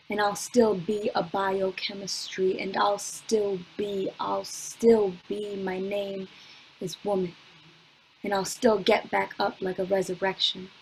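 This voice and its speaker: Young woman, spoken word poet, slow measured lines, flat steady pitch, computer mic at home. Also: a little hiss or hum, rough recording. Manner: slow, measured delivery with long pauses, chatty with fillers between poems. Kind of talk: spoken word poetry reading. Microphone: computer mic on a video call.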